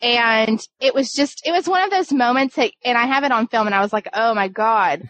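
A woman's voice: on the high side, a little fast, a bit bright, rough recording. A woman, a wedding photographer, telling a story in casual podcast chat, rambling with many fillers and restarts.

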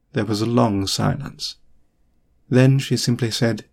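A man narrating a story in an audiobook reading, with steady storytelling delivery. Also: medium pitch, unhurried, gravelly.

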